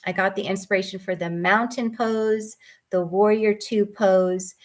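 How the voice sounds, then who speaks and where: A woman mindfulness coach telling a personal story in a gentle, earnest way, with frequent ums and restarts. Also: mid-range voice, fairly even intonation, a little slow.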